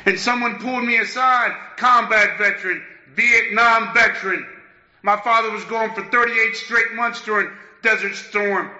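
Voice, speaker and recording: At a recovery meeting, a man gives a candid, emphatic personal share, peppering it with "man" and "listen." His voice sits high and steady at a normal speed, bright and forceful, captured in a dull, lo-fi, echoey room.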